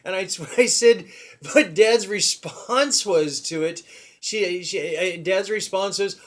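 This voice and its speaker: A man hosts a loose comedy monologue, his voice sitting a little high. He rambles, restarts his sentences, and keeps breaking into laughter. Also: slow pace. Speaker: comedy podcast host.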